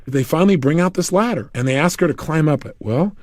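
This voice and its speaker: Speaking at a quick pace in a voice on the high side, the motivational speaker animates his story for an audio program by acting out the people in it. The audio is dry and of studio quality.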